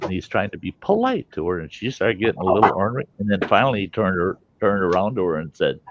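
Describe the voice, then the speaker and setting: A low, gravelly man spins a casual story with plenty of swearing and acts out every character in it. The audio is dull and lo-fi, with faint noise under the voice. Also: fairly quick, hardly any pauses. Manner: animated, profane, acts out the people in his story. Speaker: host telling a story.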